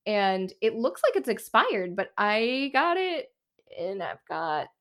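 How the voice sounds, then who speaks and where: A woman's voice: mid-range voice, very animated, slow pace. A woman co-hosting a podcast in casual chat, telling a story full of fillers and quoted reactions. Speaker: podcast co-host.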